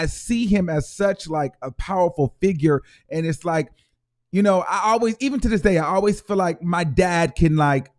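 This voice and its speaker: A man's voice: fairly high pitch, a little mellow. Rambling emotional man hosting a vlog. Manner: rambling, emotional, full of fillers and restarts. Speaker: show host. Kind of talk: casual vlog commentary.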